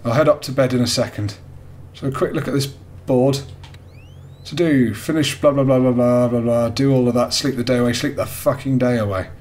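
A man's voice: mid-range voice, fairly even intonation, fairly quick, a little mellow. A man commentating his horror game play, jumpy, swearing, yelping and pleading with the game. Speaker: gamer playing a horror game. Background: game music.

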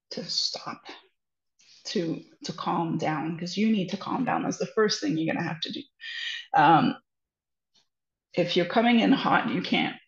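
Gravelly woman giving earnest parenting advice. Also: mid-range voice. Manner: earnest, reassuring, repeats "trust me". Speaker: parenting educator guest. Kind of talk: conversational advice talk. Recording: roomy, slightly dull lo-fi sound.

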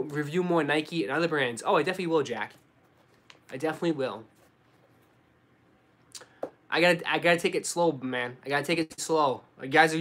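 A man's voice: on the high side, a little hiss or hum. Laid-back Boston guy chatting live. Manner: relaxed, slangy, says dude and bro a lot. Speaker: sneaker YouTuber answering live chat. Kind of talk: casual live stream chat.

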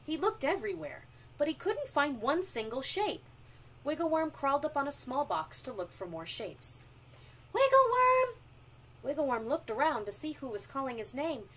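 A woman reading a children's storybook aloud, with expressive narration, recorded from a distance with faint noise. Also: sits high, moderate pace. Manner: expressive, animated.

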